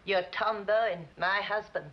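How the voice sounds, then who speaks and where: An older actress playing an aged, jilted wife who is desperate and possessive, in an old TV drama. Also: female voice, mid-range voice, steady tone, a little slow, slight background noise, natural voice. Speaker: actress in a 1960 TV drama clip. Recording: dull, lo-fi old TV soundtrack.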